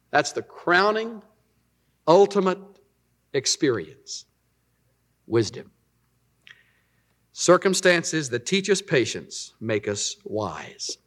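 A middle-aged man preaching a sermon as pastor, rising loud on points of emphasis. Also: fairly high pitch.

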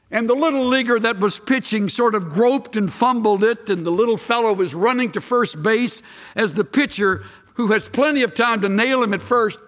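Male pastor, high-pitched, emphatic sermon delivery with rhetorical questions, long hall reverb. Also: fairly bright tone.

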